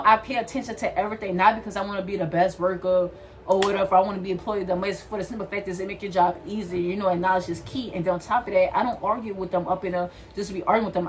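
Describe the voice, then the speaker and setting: A young woman vlogger telling a story in a loud, animated way while doing her hair, speaking straight to her viewers. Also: medium pitch. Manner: animated, talks straight to viewers, calls them "y'all"; loud, says she has a loud mouth.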